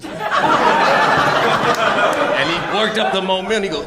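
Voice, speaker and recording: A man performing a stand-up comedy set, telling a story with animated delivery and acting out the people in it while an audience laughs. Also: on the high side, normal speed, pauses often, a loud crowd, heavy background noise.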